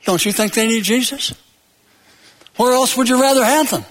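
High-voiced preacher in an echoey hall. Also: male voice, moderate pace. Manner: emphatic, builds to loud peaks then drops low; tells jokes and stories. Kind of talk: sermon.

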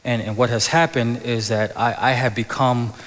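A man's voice: mid-range voice, fairly even intonation, moderate pace, a bit bright. A man preaching a sermon as pastor, often stammering and restarting words, then building to impassioned peaks. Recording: long hall reverb.

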